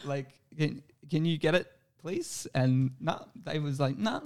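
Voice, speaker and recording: A man's voice: on the high side, fairly even intonation, a little slow, a little mellow. A man in casual chat, easygoing and often laughing.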